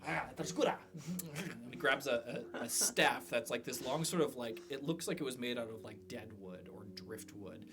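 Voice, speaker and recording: A man's voice: mid-range voice, moderate pace, hardly any pauses. Man game master narrating loosely. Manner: loose, filler-heavy narration.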